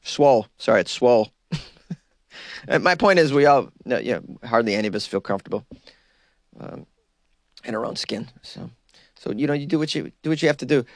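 A man's voice: mid-range voice, expressive, a little fast, long pauses, no room sound, clean studio sound. A male talk radio host giving casual, wisecracking commentary on news stories. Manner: wisecracking, laughs at his own jokes.

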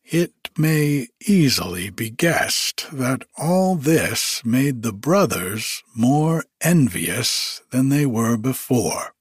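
A man narrating a fairy tale in a slow, measured storybook reading. His voice is husky and the pace very slow. The recording is dry and close. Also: medium pitch, no room sound.

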